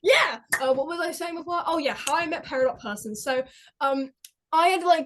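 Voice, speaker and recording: A woman telling stories in an excitable, rambling way on a podcast, with many restarts. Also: high-pitched. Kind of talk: casual chat, rambling storytelling. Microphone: podcast mic.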